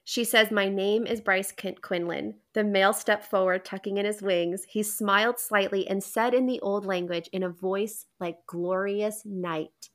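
A young woman hosts a podcast in a loose, chatty recap, rambling along with plenty of fillers and bursts of enthusiasm. Her voice sits at a middling pitch. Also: steady tone, normal speed, hardly any pauses, fairly bright tone. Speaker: podcast host. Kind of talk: casual book-recap chat.

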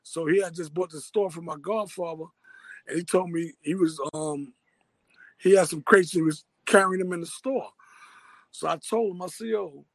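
A man's voice: high voice, moderate pace, creaky, no room sound, poor audio. A man from Harlem with a New York accent, telling a story in loose street slang as an interviewee. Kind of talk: casual storytelling.

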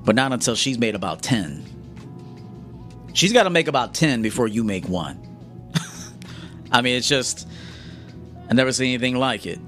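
A man's voice: mid-range voice, expressive, moderate pace, long pauses, a bit bright, faint music behind. A man coaching his audience in a live-stream monologue, blunt and confrontational, often checking "okay?". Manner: blunt, lecturing, confrontational, keeps asking "okay?".

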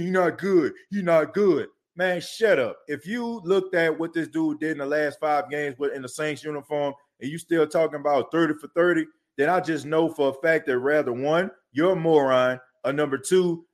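A man hosting a sports podcast, ranting heatedly and repeating himself. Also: on the high side. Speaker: podcast host. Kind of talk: casual sports talk.

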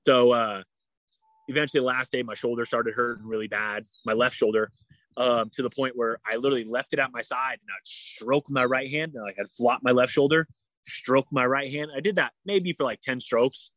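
A man recounts a story in an easygoing interview, peppering his talk with "like" and slipping into the voices of the people in it. His voice sits at an ordinary male pitch. The sound is close and dry, with no room around it. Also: normal speed, no room sound. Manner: animated, heavy use of "like", acts out quoted dialogue. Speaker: guest. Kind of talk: casual storytelling.

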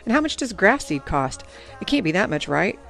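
A woman voicing an earnest young girl who speaks in a halting, questioning way. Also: mid-range voice, sing-song, creaky, a bit bright, soft background music. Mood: hesitant.

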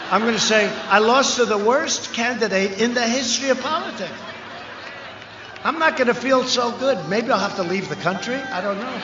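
A man giving a rambling, off-the-cuff rally speech, repeating himself, with mocking asides and shouted lines. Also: high-pitched, noisy background. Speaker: political candidate speaking at a rally. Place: large rally venue. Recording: echoey, lo-fi rally sound with long reverb.

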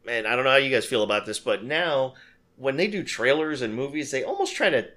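A man co-hosting a relaxed movie chat podcast, talking in an animated, laughing way. His voice is bright and forceful. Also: mid-range voice, fairly quick. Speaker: podcast host. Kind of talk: casual chat.

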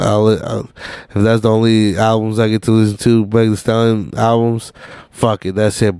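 A man's voice: lowish voice, creaky, a little mellow, clear, resonant tone, no echo. A young man hosting a podcast, ranting casually and profanely while hunting for a video on his phone. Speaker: podcast host.

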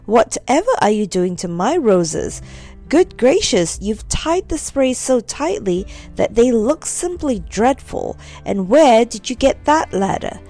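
A woman's voice: a little high, sing-song, unhurried, mellow, soft background music, full character voice. Prim fussy housewife, cross and proper, storybook, woman voicing her.

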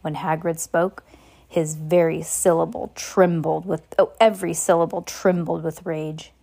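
A woman's voice: low voice, little pitch movement, unhurried, gravelly, dark tone. A woman reading a novel aloud in an unpolished way, with slips and asides to a listener. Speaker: reader.

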